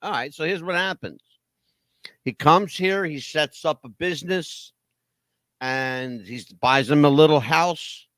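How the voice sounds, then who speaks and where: A man's voice: on the high side, unhurried, a bit bright, no room sound, clean studio sound. A man hosting talk radio, telling a story dramatically with rhetorical questions. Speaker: radio host.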